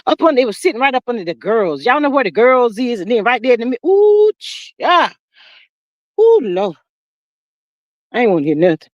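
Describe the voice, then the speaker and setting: A woman's voice: a little high, moderate pace, long pauses, no echo, highs cut off. Chatty livestream woman, "child" and "y'all". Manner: chatty and animated, calls viewers "child" and "y'all". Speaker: livestream host. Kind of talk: casual chat reading viewer comments. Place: sitting outdoors.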